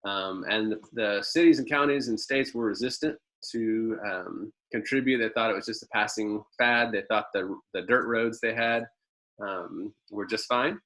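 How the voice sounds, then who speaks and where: A man's voice: lowish voice, moderate pace, sharp tone, poor audio. A man presenting a marketing webinar over a video call, telling a folksy story with lots of ums and uhs.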